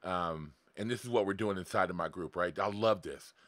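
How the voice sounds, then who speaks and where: A man's voice: sits low, normal speed, fairly bright tone, no echo. A man in his forties talking bluntly and profanely on a live stream, coaching his viewers and laughing often. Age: 40s. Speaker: online marketing coach. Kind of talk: live-streamed motivational talk.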